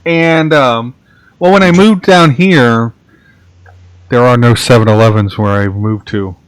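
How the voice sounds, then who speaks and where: Casting: male podcast host, mid pitch, meandering anecdotal chat, recorded close and dry. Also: measured pace, smooth, no room sound. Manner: rambling storyteller, many restarts and "like"s. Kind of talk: casual chat.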